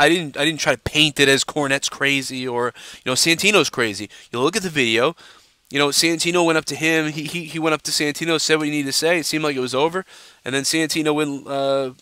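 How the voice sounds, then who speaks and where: A man hosts a live stream, rambling and cursing freely with constant fillers. His voice is bright and forceful, smooth and clear. The sound is dry and close to the mic. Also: on the high side, quick pace, no echo. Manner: profane, rambling, lots of "you know". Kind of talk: casual live-stream rant.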